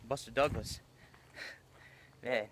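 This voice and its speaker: A man's voice: medium pitch, steady tone, slow, a bit bright, slight background noise, low-quality recording. A man giving a motivational monologue as a vlogger, speaking emphatically and repeating phrases for effect.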